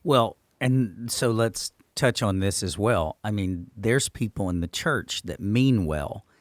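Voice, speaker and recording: A man's voice: on the low side, expressive, slow, no room sound. A man, a pastor, talking earnestly and with emphasis in a church podcast discussion.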